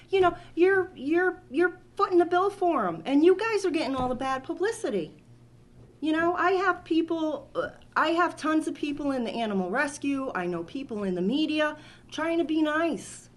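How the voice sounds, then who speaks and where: A woman's voice: mid-range voice, slight background noise. A woman from making an emotional, rambling public comment at a town board meeting, speaking into a podium microphone. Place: town hall meeting room.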